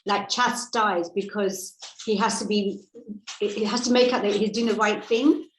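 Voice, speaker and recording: A woman interviewer speaks at a middle pitch, thanking and reassuring her guest. Her voice carries a roomy echo. A faint background noise sits under her. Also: fairly even intonation, a little slow. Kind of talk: casual conversation.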